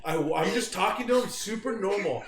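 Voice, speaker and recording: Animated, swearing male storyteller in echoey room. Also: high voice, a little fast, a little hiss or hum. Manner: animated, profane storytelling with loud acted-out yelps. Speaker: podcast host. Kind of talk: casual storytelling chat.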